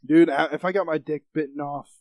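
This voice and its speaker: A teenage guy co-hosts a podcast and tells crude stories, often laughing between lines. His voice sits a little high for a young man. The sound is dry and close, with no room in it. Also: steady tone, fairly quick, darkish tone, dry recording. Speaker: podcast co-host. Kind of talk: casual chat.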